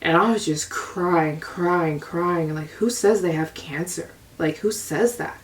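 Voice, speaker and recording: A woman's voice: fairly low pitch, slow. A young adult woman from the US telling a candid, rambling personal story as a vlogger, her voice a little distant from the mic. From United States. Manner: confessional, rambling, frequent repeats.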